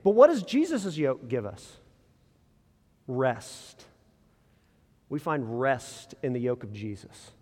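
A man preaching a sermon in a casual, conversational way, full of rhetorical questions and quick restarts. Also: medium pitch, big pitch swings, a little mellow. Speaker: pastor. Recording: long reverb in a large hall.

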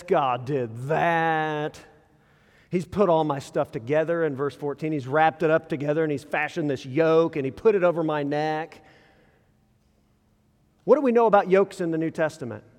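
A man preaching a sermon in a casual, conversational way, full of rhetorical questions and quick restarts. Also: a little high, darkish tone. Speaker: pastor. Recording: long reverb in a large hall.

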